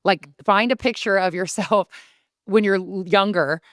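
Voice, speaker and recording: A woman speaks as a podcast guest and author in a casual conversation. She tells stories in an animated way and acts out the voices she quotes. Her voice has a mid pitch, and the close, dry sound carries no room echo. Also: measured pace.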